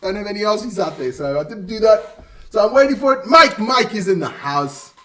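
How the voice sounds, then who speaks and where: High-ish voiced guy chatting on his live stream, a bit far from the mic, tripping on names. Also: expressive, a little fast, sharp tone. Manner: chatty, stumbles over player names. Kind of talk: casual live-stream chat.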